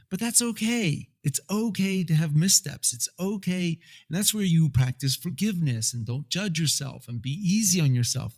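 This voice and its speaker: A man hosts a relaxed conversation in an upbeat, encouraging way. His voice sits a little high for a man, and he keeps affirming his guest. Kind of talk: casual chat.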